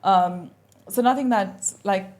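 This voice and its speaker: A young woman, a podcast guest, telling a personal story in a casual, animated way and acting out the conversations she recalls. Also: mid-range voice, slow. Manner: animated, acts out quoted exchanges.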